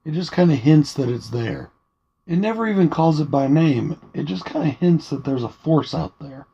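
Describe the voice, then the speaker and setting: A man talking quietly and casually through a movie review, late at night at home, in a soft, rambling way. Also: fairly high pitch, animated, moderate pace, gravelly, husky, muffled recording. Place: home at night, dim room.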